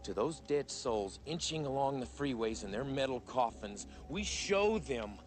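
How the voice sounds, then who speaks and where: An actor playing a charismatic surfer gang leader, giving an impassioned, declamatory speech in a film clip. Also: male voice, medium pitch, lively intonation, measured pace, natural voice. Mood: defiant. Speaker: film character delivering a speech. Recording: film clip with music behind.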